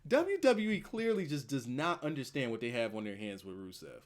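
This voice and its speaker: A man's voice: mid-range voice, fairly quick. A man reviewing a wrestling show in a casual, profane chat, laughing often. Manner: animated, profane, laughs a lot.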